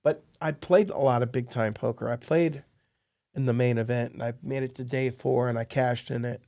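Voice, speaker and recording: A man hosting a podcast, telling poker-dealing stories in an excitable, animated way. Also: medium pitch, moderate pace, dull audio. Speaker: podcast host and poker dealer. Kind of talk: casual storytelling interview.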